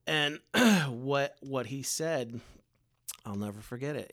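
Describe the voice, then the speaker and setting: A man as a podcast guest, telling a story in an earnest, halting way, with restarts and soft trailing ends. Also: medium pitch, no echo, studio quality. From Baltimore area. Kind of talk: casual storytelling in a podcast interview.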